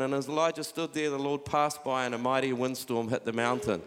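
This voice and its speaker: A middle-aged man preaching a sermon, urging his listeners on with repeated "come on" and dropping quieter when he reads scripture aloud. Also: mid-range voice, brisk. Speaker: pastor. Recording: long hall reverb.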